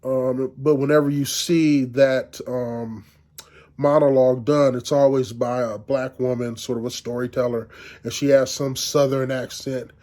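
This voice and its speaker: A middle-aged man giving a university lecture in a conversational, halting way, with frequent restarts and fillers. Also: medium pitch, steady tone, a little mellow.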